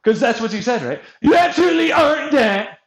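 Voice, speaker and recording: A man ranting with profanity over gameplay, swinging between shouted mockery and low mutters. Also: animated, fairly quick.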